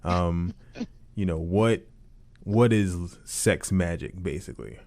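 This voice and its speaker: A man hosts a casual radio talk show in a smooth late-night voice. His tone sits very low and warm, and he rambles easily through fillers and asides. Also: takes it slowly, no room sound. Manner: relaxed, rambling with many fillers. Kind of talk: casual podcast chat.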